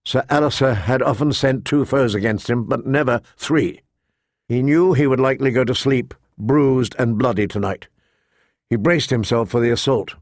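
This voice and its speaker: A man narrating a fantasy novel in a measured storytelling manner, voicing the characters. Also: mid-range voice, no room sound, clean studio sound. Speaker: audiobook narrator. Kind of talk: scripted narration.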